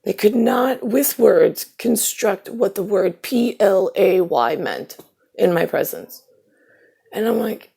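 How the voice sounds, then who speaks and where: Gravelly, husky woman telling a rambling story. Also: mid-range voice, animated, slow pace, mellow. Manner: rambling, wry, acts out quoted relatives. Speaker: vlogger.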